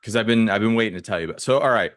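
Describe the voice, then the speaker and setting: A young man from the States chats on a podcast in a fairly low voice, leaning on "like" as he rambles through a story. The sound is dry and close, with no room around it. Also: racing, dry recording. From United States. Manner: rambling, filler-heavy storytelling. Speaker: podcast co-host. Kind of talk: casual chat.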